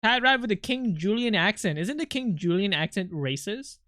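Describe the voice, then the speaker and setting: A man's voice: high-pitched, lively intonation, normal speed, sharp tone, no echo. A male streamer who is not a native English speaker, chatting playfully with viewers, teasing and swearing freely into a close mic. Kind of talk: casual live-stream chat.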